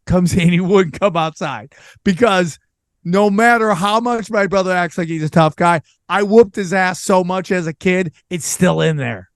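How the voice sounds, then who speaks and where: Podcast host, male, high voice, dry close sound, lively storyteller who acts out quotes. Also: moderate pace, no room sound. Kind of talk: casual storytelling chat.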